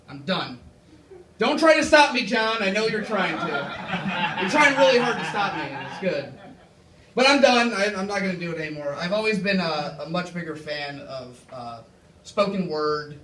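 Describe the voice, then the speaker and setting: A man's voice: high-pitched, bright, forceful tone. A young man performing a rambling, self-deprecating stand-up set on a club stage. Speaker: stand-up comedian. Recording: echoey club from far off. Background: audience laughter.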